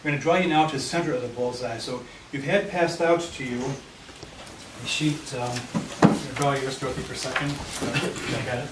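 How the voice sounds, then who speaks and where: In a meeting room, a man with a mid-range voice, speaking a touch quickly, walks a committee through a map of his neighborhood printed on a handout. The room is echoey, the mic distant, and the recording noisy.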